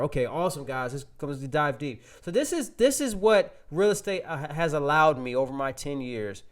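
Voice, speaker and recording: Rambling, high-pitched man pitching real estate. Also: moderate pace, few pauses. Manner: animated, rambling with many restarts and fillers. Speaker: real estate webinar presenter. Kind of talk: casual storytelling pitch to a live webinar audience.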